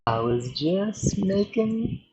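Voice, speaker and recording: A man chatting casually as a YouTuber, excitable, laughing often and swearing. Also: high voice, slow, low-quality recording. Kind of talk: casual commentary on chatbot chats.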